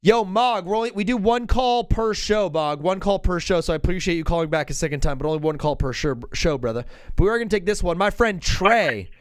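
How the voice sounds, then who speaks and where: A man hosting a live basketball call-in show, talking in an excitable, joking, rambling way. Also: sits high, brisk, clear, resonant tone, dry recording. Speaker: host.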